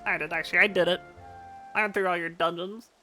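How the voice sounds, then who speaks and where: Young woman streamer, loose and profane, bright sharp tone, faint music under. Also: lowish voice, fast talker. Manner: animated, profane, laughs often. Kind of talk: casual live-stream chat while gaming.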